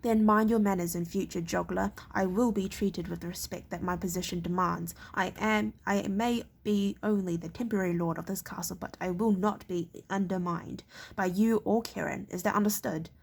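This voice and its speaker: A woman's voice: medium pitch, fairly even intonation, normal speed, vocal fry, breathy edge. A woman voicing a haughty, touchy male castle lord in a read-aloud novel, stern and clipped, sometimes stumbling over words.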